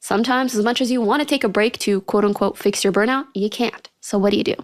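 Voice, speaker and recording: A woman's voice: medium pitch, fast talker, no room sound, clean studio sound. A young woman in her twenties hosting a solo podcast, talking candidly and ranting a little, with frequent laughs. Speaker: podcast host.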